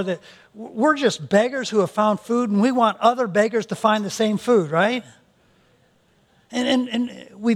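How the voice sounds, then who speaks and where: A male pastor preaching a sermon, earnest, often repeating words as he restarts his sentences. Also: high-pitched.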